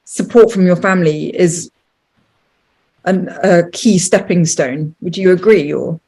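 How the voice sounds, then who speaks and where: A woman's voice: lowish voice, unhurried, mellow, breathy edge. A woman hosting an interview, speaking encouragingly and leading the guest with questions. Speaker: interview host. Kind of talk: interview conversation.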